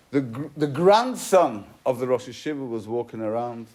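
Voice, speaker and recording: A medium-pitched male voice with lively intonation at normal speed. A rabbi teaching a Torah class in sermon style, he tells a story emphatically, swinging between loud and soft and mixing Hebrew and Yiddish terms into his English.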